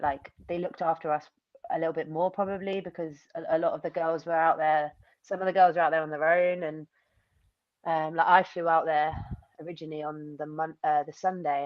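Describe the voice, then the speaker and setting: In a casual interview, a young woman MMA fighter from the UK rambles animatedly, packing in fillers and quoted asides. Her voice is low-pitched, and the dry recording has no room sound and its highs cut off.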